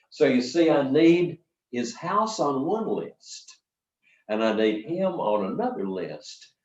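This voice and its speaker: An older man leading a storytelling workshop, talking to a live audience in a folksy, lively way with dramatic pauses. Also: mid-range voice. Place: workshop hall. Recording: roomy, distant, dull sound from the back of a hall.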